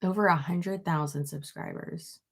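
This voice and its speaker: Husky young woman chatting casually. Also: lowish voice, steady tone, unhurried. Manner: chatty, swears freely, talks to her dog. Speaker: YouTuber on a livestream. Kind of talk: casual chat reading comments.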